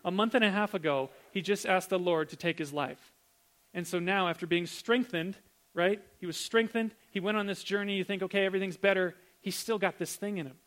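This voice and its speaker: A man preaching a sermon in a conversational, animated way, full of rhetorical questions. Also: sits high, brisk.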